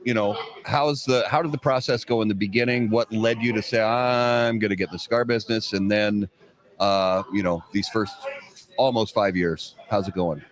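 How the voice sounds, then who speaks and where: Low-ish guy host, laid back questions, kinda far from the mic. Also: fairly even intonation, normal speed. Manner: easygoing, lots of fillers. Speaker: podcast host. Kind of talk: casual interview questions.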